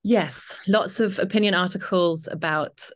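A woman's voice: fairly low pitch, measured pace. A British woman, a journalist and author, talking as a guest in a podcast interview, thoughtful and with frequent fillers. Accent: British English. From Britain. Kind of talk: conversational interview.

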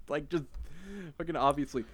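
Halting young man reading posts. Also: a little high, fairly even intonation. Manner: halting, many fillers and restarts. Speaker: podcast host. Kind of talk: casual podcast chat, reading online posts.

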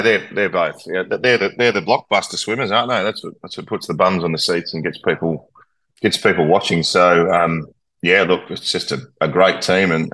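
A man's voice: deep voice, sharp tone, rough recording. A man with an Australian accent, a sports commentator chatting enthusiastically as a podcast guest. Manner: chatty, enthusiastic, many restarts. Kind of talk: casual podcast chat.

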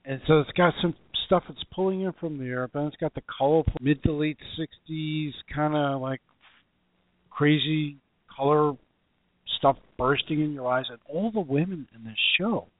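A man talks eagerly in a casual podcast chat, stumbling over fillers and restarts. His voice is a little high for a man. The recording is dry and narrow, like a phone line. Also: normal speed, no room sound. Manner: enthusiastic, hesitant, many fillers. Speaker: podcast co-host.

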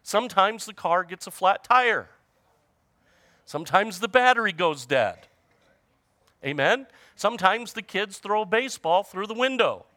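A man preaching to a congregation in a conversational way, joking with the listeners and calling out for their response. His voice sits high and swings widely in pitch. It is bright and close, with a dry sound. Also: lively intonation, measured pace, dry recording. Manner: conversational preaching with humor and audience call-outs. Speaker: pastor. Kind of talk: sermon.

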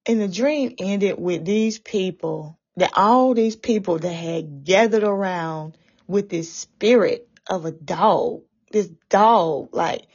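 A woman's voice: mid-range voice, slow, a little mellow, husky. A woman giving a fervent, tearful religious testimony about a dream, repeating herself as she talks. The recording sounds dull and lo-fi. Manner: fervent, repetitive, often tearful. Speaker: testifying believer.

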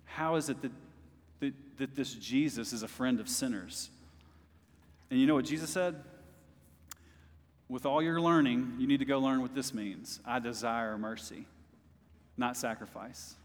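A male pastor with a mid-range voice preaches a sermon at a church service, speaking at a measured pace with long pauses before rising to impassioned bursts. He addresses his congregation directly as "y'all," and the recording carries a long hall reverb.

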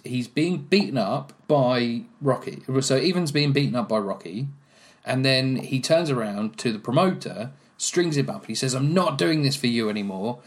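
A man co-hosting a film rewatch podcast, joking and agreeing in casual, rambling talk. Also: medium pitch. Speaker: podcast co-host.

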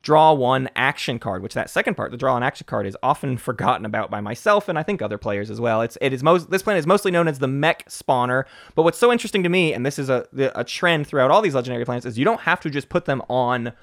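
Animated man chatting about board game strategy. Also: medium pitch, quick pace, gravelly, hardly any pauses. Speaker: co-host. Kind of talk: casual strategy chat.

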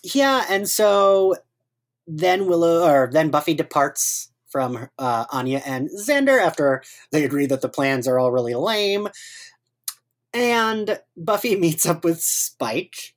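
A woman with a notably deep, low voice leads a podcast recap, walking through scenes and handing questions to her guests. She giggles easily and keeps the chat loose and conversational. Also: animated, slow pace. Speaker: podcast co-host. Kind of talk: casual chat.

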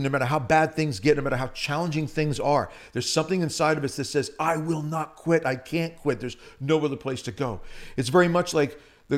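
A man preaching a Catholic sermon with passion, moving between loud emphasis and hushed asides. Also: a little high.

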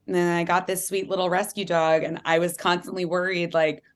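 A woman author being interviewed, talking earnestly and animatedly and acting out quotes in lively voices. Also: fairly low pitch, a little fast. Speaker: author and guest. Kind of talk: candid interview conversation.

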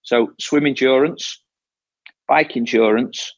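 A man's voice: medium pitch, fairly even intonation, slow pace, dry recording, lo-fi sound. A man coaching an athlete in casual talk, explaining step by step and often restarting his phrases. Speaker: triathlon coach.

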